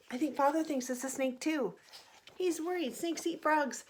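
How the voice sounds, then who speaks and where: A woman teacher reading a picture book aloud to children, pausing to ask them questions. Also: high voice. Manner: animated, asks the listeners questions.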